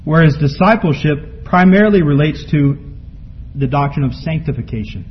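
A man preaching a sermon from scripture, building to emphatic peaks and then dropping low and quiet. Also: lively intonation, moderate pace. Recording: muffled lo-fi recording with faint background noise.

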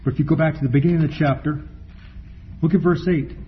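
A fairly high-voiced man preaching in a church. He reads scripture at a deliberate pace and drags out single words for emphasis. The recording is a little dull, with faint room noise behind him. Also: fairly even intonation. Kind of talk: sermon with scripture reading.

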